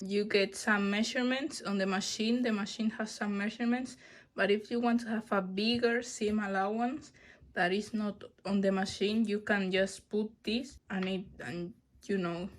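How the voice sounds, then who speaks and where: Slow, hesitant woman unboxing on camera. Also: medium pitch, a little hiss or hum. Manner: hesitant, self-correcting, apologetic. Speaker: vlogger. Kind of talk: casual unboxing vlog.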